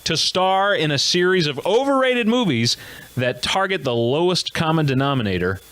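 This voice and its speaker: A man's voice: fairly high pitch, big pitch swings, normal speed, a bit bright, dry recording. A man hosting a comedy show, delivering a jokey news monologue with self-mocking, rambling asides.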